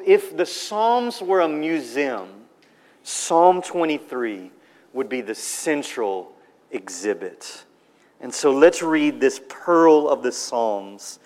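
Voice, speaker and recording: A man preaching a sermon, earnest and emphatic, slowing down and dropping his voice on key words. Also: mid-range voice, big-room sound. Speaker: pastor.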